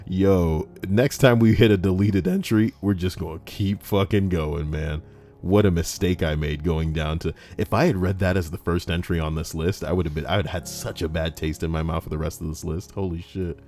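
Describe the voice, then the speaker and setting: A man's voice: deep voice, normal speed, mellow, faint music behind. A young man hosting a comedic commentary, reading online stories aloud, swearing, joking and switching into mock voices.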